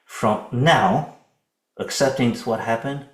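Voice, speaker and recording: A man giving a Buddhist dharma lecture in a calm, conversational way, often checking in with his listeners. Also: mid-range voice, takes it slowly, echoey room, poor audio. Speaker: Buddhist teacher.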